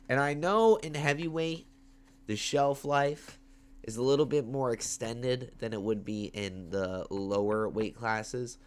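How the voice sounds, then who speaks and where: This MMA betting picks host talks a little slowly in a mid-range voice, recording at home on a webcam or phone. He's casual and slangy, getting fired up on camera with large swings in loudness.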